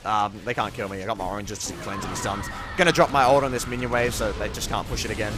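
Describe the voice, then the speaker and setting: A man's voice: on the low side, fairly quick, soft background music. Laid-back swearing young gamer guy. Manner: laid-back, swears freely, bursts into excited outbursts. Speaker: gameplay commentator. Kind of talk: casual gameplay commentary over footage.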